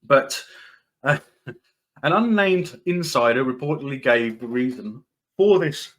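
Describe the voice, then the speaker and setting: A man talking casually on his own commentary channel, in a voice of ordinary middle pitch. He rambles with lots of ums and restarts, breaks in with short dry laughs, and is dismissive and repetitive as he hammers his points. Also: animated, slow pace, fairly bright tone. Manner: dismissive, repeats points for emphasis. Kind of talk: casual opinion commentary, reading news excerpts.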